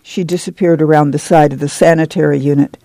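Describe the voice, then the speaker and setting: A man reading a novel aloud as an audiobook narrator, measured and unhurried. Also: fairly high pitch, fairly even intonation, creaky, dark tone, no room sound. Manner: slow, measured storytelling.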